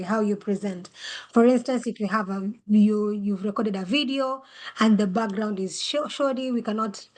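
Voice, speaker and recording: Woman explaining pitch criteria on a call. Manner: explains judging criteria with many questions. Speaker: webinar facilitator. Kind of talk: online webinar talk.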